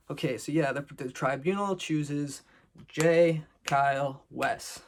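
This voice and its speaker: A man's voice: fairly high pitch, slow pace, a little hiss or hum. A man from Boston giving a rambling, profane, joking recap of a reality show episode. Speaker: recap video host. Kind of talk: casual recap commentary.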